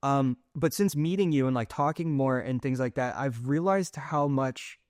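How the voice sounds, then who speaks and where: A middle-aged man in the host's chair, feeling his way through long thoughts with lots of likes and restarts. His voice sits in a middle pitch and is recorded dry and close, with no room sound. He talks in an easy, casual way. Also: normal speed, no room sound. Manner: rambling, searching for words with many fillers and restarts. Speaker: podcast host. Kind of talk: casual conversational interview.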